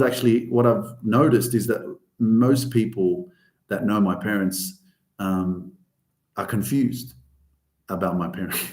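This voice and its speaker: A man in his thirties, a motivational coach, talking casually with lots of swearing, going from quiet storytelling to loud emphatic bursts. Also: medium pitch, echoey room. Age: 30s. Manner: profane, emphatic, swings between soft and loud. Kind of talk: casual monologue.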